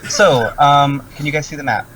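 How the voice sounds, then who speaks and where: A man's voice: a little high, normal speed, a bit bright, a little hiss or hum. A man narrating a tabletop game as game master, describing scenes with many ums and likes. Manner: descriptive, full of "um" and "like". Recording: distant mic with faint music.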